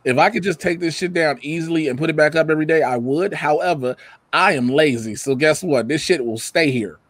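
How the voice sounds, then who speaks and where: A man talks casually from his home recording setup, spinning animated stories and swearing freely. His voice sits a bit high, and he jumps up loud whenever he acts out other people's lines. The sound is close and dry, with no room echo. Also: brisk. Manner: animated storytelling, acts out quotes loudly, swears a lot. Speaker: guest. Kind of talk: casual chat. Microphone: computer mic or camera.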